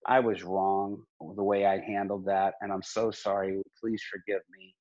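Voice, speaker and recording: A man's voice: sits low, flat delivery, moderate pace, darkish tone, highs cut off. A middle-aged man, a pastor and podcast guest, talking earnestly in casual conversation, with many restarts.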